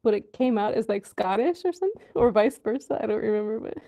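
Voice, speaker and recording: A woman with a fairly high, warm voice hosts a casual livestream, reading comments aloud at a slow pace. She's animated and laughs often, wheezing at times, as she drifts between topics and slips into jokey accents.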